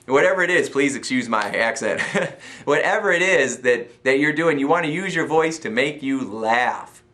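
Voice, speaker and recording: A man's voice: medium pitch, animated, moderate pace, sharp tone. An American man giving an upbeat motivational talk as a self-help coach, laughing often and acting out little voices.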